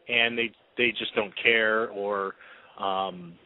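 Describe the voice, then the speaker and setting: A man's voice: lowish voice, fairly even intonation, slow pace. A man co-hosting a casual hockey radio chat, rambling and hesitant with many fillers. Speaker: blog podcast co-host. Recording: tinny phone line.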